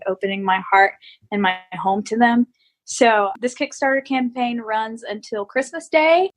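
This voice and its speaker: A woman's voice: fairly high pitch, a bit bright. A young woman guest, a teacher and musician, telling casual stories in an informal, giggly way. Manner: giggly, informal, lots of likes. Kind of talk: casual storytelling in an interview.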